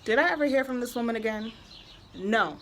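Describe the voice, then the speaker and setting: Brisk and somewhat high-voiced, a young woman vlogs a story through an exasperated, chatty rant full of filler words, especially "like." Her intonation is lively, and a faint hiss or hum sits under the audio.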